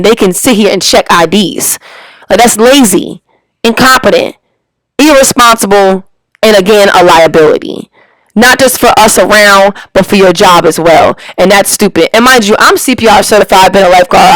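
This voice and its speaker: A woman and parent tells a storytime as an angry, profane rant. Her talk is slangy and emphatic, and it jumps up in pitch at the peaks. The sound is dry and close, with no room echo. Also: fairly bright tone. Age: adult parent. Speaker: storyteller vlogger.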